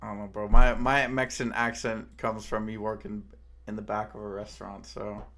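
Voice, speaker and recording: A man's voice: lowish voice, little pitch movement, moderate pace, creaky, pushed and bright. A man chatting casually on a live stream, joking around and trying out silly accents.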